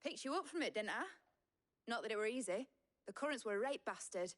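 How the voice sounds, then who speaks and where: A woman's voice: a little high, expressive, fairly quick, natural voice. Game role, a woman voicing her: young captain, brash and cheerful. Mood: cheeky. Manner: cheeky, breezy.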